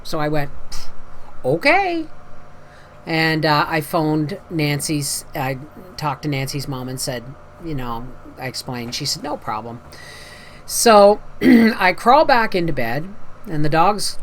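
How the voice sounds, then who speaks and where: A woman's voice: deep voice, normal speed, a little hiss or hum. A woman talking casually to camera as a homestead vlogger, a chatty storyteller who acts out the voices in her anecdotes and sounds tired after a night with a migraine.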